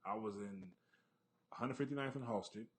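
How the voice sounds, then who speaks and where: Man, podcast guest, lowish voice, matter-of-fact, casual chat. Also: normal speed, background noise. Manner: matter-of-fact, plainspoken storyteller. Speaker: podcast guest, heavyweight fighter.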